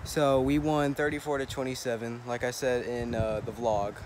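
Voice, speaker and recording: Young guy vlogging, loose and upbeat, average pitch, a bit of noise in the back. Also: flat delivery, moderate pace, a little mellow. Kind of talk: casual sports vlog. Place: outdoors after a football game, then at home.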